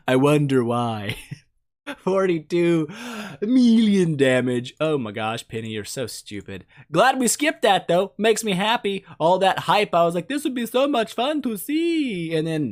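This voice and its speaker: A man giving casual gameplay commentary as a mobile game YouTuber, joking and teasing the characters in a playful, mock-insulting way. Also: on the high side.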